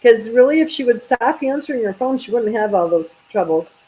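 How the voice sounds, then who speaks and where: A woman's voice: a little high, animated, a little fast, dark tone, rough recording. A woman hosting a casual chat, rambling and trailing off, sleepy. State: sleepy, yawning. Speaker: channel host.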